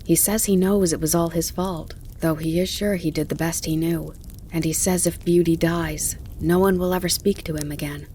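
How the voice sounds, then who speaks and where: A woman reading the part of a soft-hearted male gardener in an audiobook, speaking low and pleading. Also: steady tone, fairly quick, close to an everyday voice. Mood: pleading, hushed. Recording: faint crackling campfire behind.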